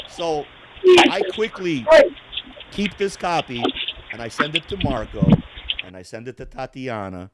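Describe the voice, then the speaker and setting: A man's voice: high voice, normal speed, heavy background noise. A man hosting a casual podcast chat, telling a story with lots of swearing and laughter. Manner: animated, profane, laughing storyteller. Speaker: podcast host.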